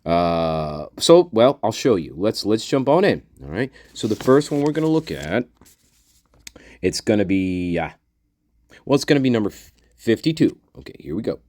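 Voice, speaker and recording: A man hosting a channel and commenting casually on documents, rambling, repeating himself and addressing his viewers warmly. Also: on the low side, sing-song, normal speed, no echo. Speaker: channel host.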